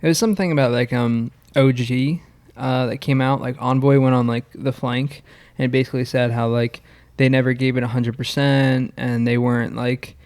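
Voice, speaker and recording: Chatting casually as a podcast co-host, this man rambles with lots of fillers and restarts. His mid-range voice has fairly even intonation, a moderate pace, and a darkish tone.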